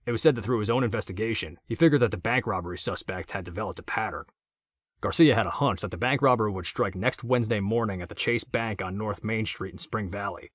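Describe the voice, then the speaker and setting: A man narrating an audiobook in a steady, matter-of-fact reading. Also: lowish voice, quick pace, no echo, studio quality.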